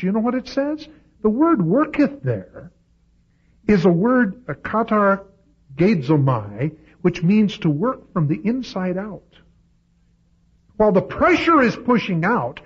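A man preaching a sermon, swinging from loud, high-pitched peaks to low, quiet asides. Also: very animated, slow, husky. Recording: dull lo-fi recording.

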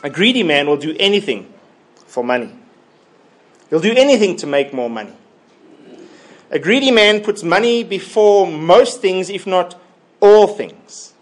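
Male preacher for a verse-by-verse Bible sermon: slow, slightly high voice, emphatic and repetitive. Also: animated. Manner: deliberate, emphatic, repeats key phrases.

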